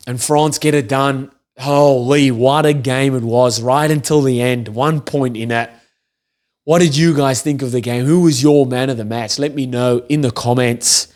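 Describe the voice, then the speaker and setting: A young man hosting his own channel, giving a casual, enthusiastic match review with loose, chatty phrasing and excited exclamations. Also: medium pitch. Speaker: rugby channel host.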